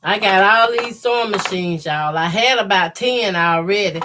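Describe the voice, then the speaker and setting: This sew-along livestream features a middle-aged woman quilting and chatting in a medium-pitched, sinus-clogged voice at normal speed. The background is noisy; she's talkative, laughs often, and reads comments from viewers aloud.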